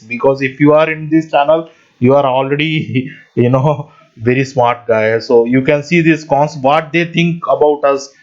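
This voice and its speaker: A man hosting his own channel, rambling in a casual monologue with frequent little laughs and constant asides to his viewers, speaking English as a non-native speaker. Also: medium pitch. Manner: rambling, often laughs mid-sentence, keeps addressing viewers as guys. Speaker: channel host. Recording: dull lo-fi audio.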